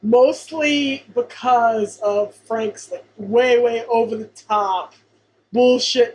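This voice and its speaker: Higher-voiced woman chatting on a podcast. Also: slow, a little mellow, a little hiss or hum, low-quality recording. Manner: chatty and emphatic, repeating her points. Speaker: podcast co-host. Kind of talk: casual chat about a sitcom episode.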